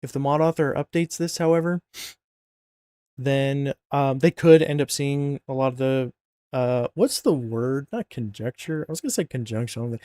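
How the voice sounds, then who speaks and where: In studio-quality audio with no echo, a man with a warm, medium-pitched voice talks at normal speed through a mod installation on a screen recording. Sleepy and yawning, he rambles casually, cracks jokes, and keeps correcting himself between fillers.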